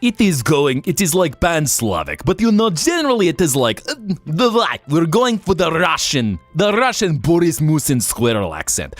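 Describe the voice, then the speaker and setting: A man hosting a live stream, chatting casually in an animated, rambling, jokey way. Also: a little high, moderate pace, no room sound, soft background music.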